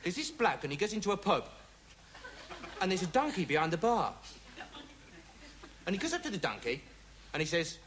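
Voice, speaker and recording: A man's voice: sits high, very animated, moderate pace, long pauses. An actor playing a dim, rambling young man who calls himself an investigator, talking in a digressive TV sketch comedy monologue full of "you know" and "right". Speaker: comic character monologue. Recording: noisy early 1980s TV audio with loud studio audience laughter.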